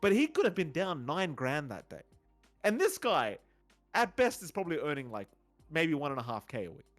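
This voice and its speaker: An Australian man co-hosting a podcast, telling stories in a casual, animated way with frequent swearing. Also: on the high side, normal speed, soft background music. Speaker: podcast co-host. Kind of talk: casual chat.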